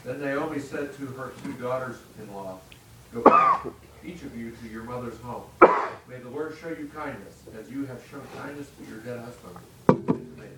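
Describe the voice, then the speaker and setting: A man reading a scripture passage aloud in a plain, unhurried way. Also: medium pitch. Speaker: scripture reader. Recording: distant echoey mic with background noise.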